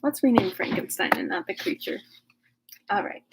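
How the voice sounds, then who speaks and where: A woman's voice: mid-range voice, normal speed, in a whisper, low-quality recording. A woman recapping a classic novel casually in a chatty, wry way, full of fillers, then reading it aloud. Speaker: reader and discussion leader.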